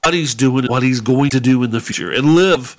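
Fast-talking man, preachy host. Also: medium pitch. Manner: preachy, encouraging exhortation. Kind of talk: faith talk show chat.

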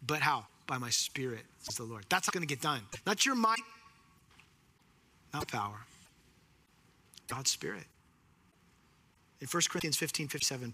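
Bright, husky-voiced man preaching. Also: sits high. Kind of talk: sermon.

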